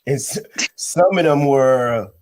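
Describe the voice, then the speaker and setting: A man co-hosting an interview, joking and halting, with laughs. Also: mid-range voice, darkish tone. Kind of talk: casual interview chat.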